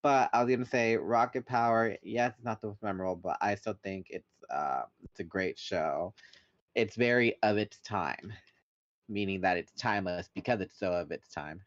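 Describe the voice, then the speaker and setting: A man's voice: on the low side, normal speed, no echo, dull audio. A man chatting as a podcast guest, rambling loosely and laughing mid-sentence. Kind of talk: casual chat.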